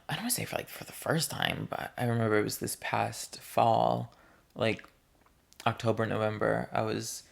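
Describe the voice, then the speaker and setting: A man's voice: fairly low pitch, creaky. A young man talking straight to camera in a casual vlog, rambling in a playful and candid way and drawing out his words. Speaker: vlogger. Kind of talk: casual chatty vlog monologue.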